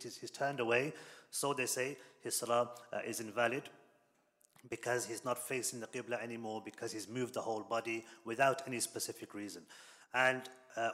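A man's voice: mid-range voice, a bit bright. Male religious teacher, plain mid voice, explains patiently, long hall reverb. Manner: explanatory, with frequent fillers and restarts. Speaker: Islamic teacher. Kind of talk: religious lesson.

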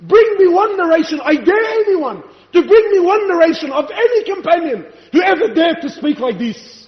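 In an echoey hall with dull, lo-fi sound, a man preaches a fiery, rhetorical sermon and challenges those listening. His voice is very high-pitched and very animated, though his speed stays normal.

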